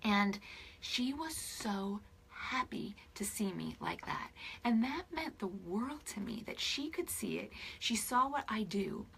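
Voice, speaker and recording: A woman in her forties, a spiritual life coach, chatting on camera to her followers, teary and emotional, often dropping into soft whispers. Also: mid-range voice, animated, takes it slowly, creaky, husky. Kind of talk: casual direct-to-camera chat with followers.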